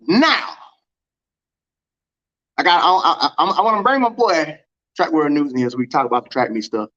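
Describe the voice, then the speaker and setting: A man hosting a casual livestream from home, telling a story and acting out quoted dialogue with big pitch swings. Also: animated, moderate pace, pushed and bright, highs cut off. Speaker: track and field livestream host.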